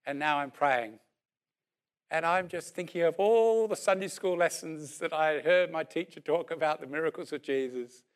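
A man around sixty, preaching a sermon as a lively story and then leading a prayer, acting out what people said. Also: a little high, moderate pace, clean tone. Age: about 60. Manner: animated storyteller who acts out what people said.

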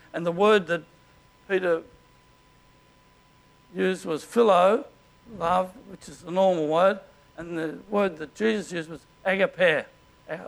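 An Australian pastor delivers a sermon conversationally, frequently clearing his throat. His voice sits high and sounds a bit bright.

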